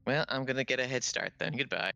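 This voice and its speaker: Bright, crisp low-voiced man. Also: fast talker, muffled recording. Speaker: player. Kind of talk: playing a tabletop game.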